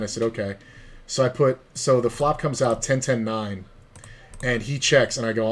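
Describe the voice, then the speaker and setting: A man's voice: mid-range voice, moderate pace. Chatty man telling a profane poker story. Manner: profane, chatty anecdote with quoted dialogue. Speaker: poker streamer. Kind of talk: casual storytelling while playing online poker.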